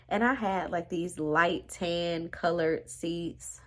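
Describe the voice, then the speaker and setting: Animated young woman telling a story. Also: fairly low pitch, takes it slowly, hardly any pauses. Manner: animated, dramatic, drops to hushed whispers for emphasis; talks straight to viewers, slangy and exasperated. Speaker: storytime vlogger. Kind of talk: casual storytelling to viewers.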